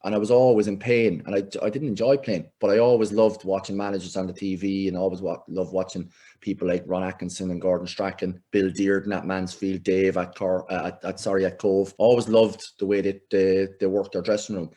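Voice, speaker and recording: A middle-aged Irish man, a football coach, telling lively anecdotes in a casual interview and acting out the voices he quotes. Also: sits low, a little fast. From Ireland. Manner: animated anecdotes, acts out quoted voices, laughs often. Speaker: football coach, podcast guest.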